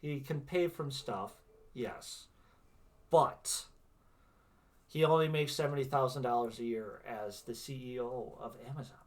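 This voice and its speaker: A man's voice: medium pitch, a little slow, long pauses. A man from Wisconsin, hosting a tarot reading livestream in a chatty, reassuring way, often tagging "right?" onto his points. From Wisconsin, USA. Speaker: tarot reader and livestream host. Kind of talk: casual livestream chat.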